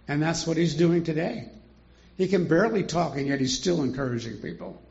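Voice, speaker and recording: Older man teaching with a gravelly voice. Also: on the high side, fairly quick, darkish tone, dull audio. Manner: chatty, rhetorical questions, chuckles often. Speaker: Bible teacher. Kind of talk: informal Bible study teaching.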